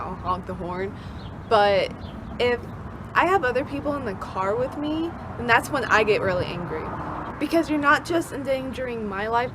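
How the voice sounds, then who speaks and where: A young woman telling a casual storytime vlog outdoors, with birds and cars in the background. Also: mid-range voice. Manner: animated, mock-angry rants with kid-friendly insults. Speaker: vlogger. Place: outdoors in nature. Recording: faint outdoor background noise. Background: birds, cars and distant voices.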